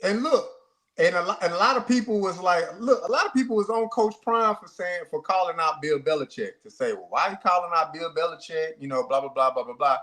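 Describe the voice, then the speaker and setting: Dude on a sports show, kinda high voice, emphatic, keeps restarting himself. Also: male voice, expressive, a little fast, a bit bright. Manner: emphatic, repeats words, restarts sentences. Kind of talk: casual sports talk.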